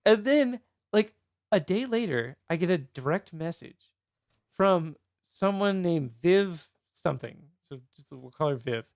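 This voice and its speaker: Male podcast host, gravelly raised voice, rambling anecdote style. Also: high voice, animated, measured pace, no room sound, clean studio sound. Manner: rambling storyteller, heavy use of "like". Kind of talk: casual podcast chat.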